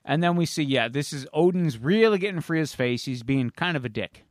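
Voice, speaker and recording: A man's voice: a little high, lively intonation, moderate pace, no room sound, clean studio sound. Man recapping a plot, casual podcast talk. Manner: rambling plot recap with fillers and swearing. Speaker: podcast co-host. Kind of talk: casual chat.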